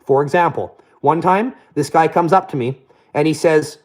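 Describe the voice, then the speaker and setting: A man's voice: on the high side, normal speed. A young man telling profane, boastful stories in a casual rant.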